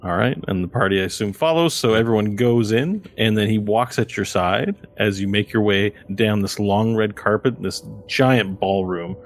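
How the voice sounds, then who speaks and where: A man narrating as game master of a tabletop game, describing scenes in a relaxed, conversational way. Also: lowish voice, moderate pace, hardly any pauses.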